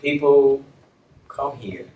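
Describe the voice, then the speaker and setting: The former dean, an older community leader, takes his time in a mid-range voice that comes across narrow and tinny. In this reflective conversation he restates ideas emphatically and checks in with "okay?" often, recorded on a distant mic in a roomy space with faint room noise.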